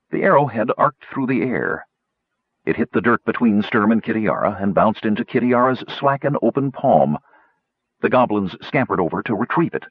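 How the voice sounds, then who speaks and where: A man narrating a fantasy adventure in a low, husky voice that rises and falls with lively pitch. The recording is dry and a little dull, with no room sound. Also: normal speed, no echo. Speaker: audiobook narrator.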